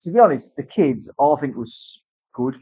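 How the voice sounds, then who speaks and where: A man's voice: medium pitch, very animated, normal speed, darkish tone, slightly rough, no echo. A man with a British accent telling a casual story, swearing often and acting out other people's voices. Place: tattoo studio. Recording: dry, slightly dull sound.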